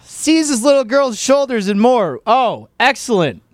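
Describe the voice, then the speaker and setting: A man's voice: extremely high pitch, very animated, a little slow, no echo. A man hosting a political commentary show, talking casually in a mocking, exasperated, sarcastic way.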